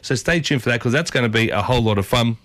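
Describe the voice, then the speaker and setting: An enthusiastic man hosting a morning radio show, talking. His voice sits in a middle pitch and sounds dry and close, with no room around it. He chats loosely and keeps circling back to the same phrases. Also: animated, fast, fairly bright tone, no echo. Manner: chatty, enthusiastic, repeats phrases. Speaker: community radio host. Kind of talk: casual radio talk.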